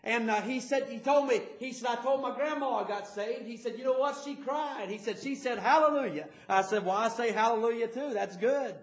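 A man's voice: very high voice, fairly quick, hardly any pauses, roomy sound. A man preaching a fervent sermon as pastor, stumbling over repeated words as he builds his points. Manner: stammering repetitions, fervent preaching.

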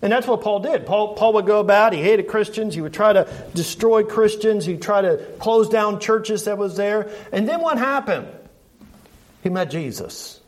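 A man's voice: high-pitched, lively intonation, moderate pace. A middle-aged man preaching a sermon, earnest, asking the congregation rhetorical questions and often repeating and restarting phrases.

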